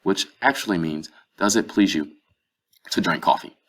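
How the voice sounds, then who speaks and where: A man with a very low, deep voice teaches a language lesson. He explains things patiently and step by step, working through example phrases. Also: moderate pace, a bit bright. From North Carolina, USA. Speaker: Spanish teacher.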